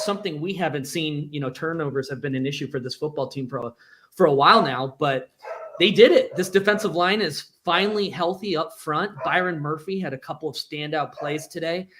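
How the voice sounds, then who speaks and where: Upbeat male sports co-host, higher voice. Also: a bit bright, slight background noise. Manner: upbeat, emphatic, quick bursts of speech. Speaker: podcast co-host. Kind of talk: sports talk show.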